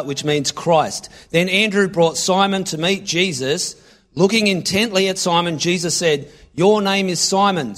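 A man preaching a sermon, reading scripture aloud and acting out lines with sudden loud bursts. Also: on the high side. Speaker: pastor.

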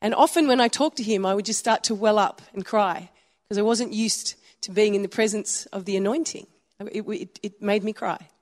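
A woman's voice: medium pitch, moderate pace, darkish tone. A woman in her fifties with an Australian accent, preaching a sermon in a chatty storytelling way with frequent chuckles. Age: 50s. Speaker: pastor. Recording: long hall reverb.

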